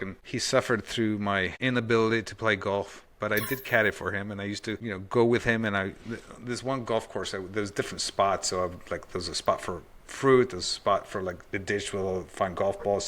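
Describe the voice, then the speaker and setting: A man's voice: fairly low pitch, steady tone, a little fast, hardly any pauses, a bit bright. A man hosting a podcast, chatting casually and rambling through personal anecdotes. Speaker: podcast host. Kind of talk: casual conversation.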